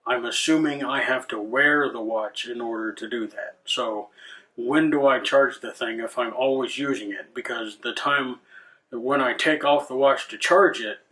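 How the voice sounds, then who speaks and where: A man's voice: medium pitch, pushed and bright. A man hosting a rant video, swearing a lot, irritated and sarcastic, with frequent restarts. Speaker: channel host. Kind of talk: ranting commentary.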